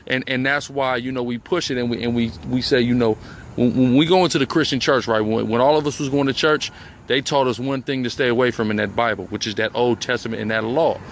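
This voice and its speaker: A man's voice: mid-range voice, steady tone, fast talker, a little hiss or hum. A man from a religious group talking in an outdoor interview, often adding "you see what I'm saying". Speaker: member of a religious organization. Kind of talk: casual interview talk.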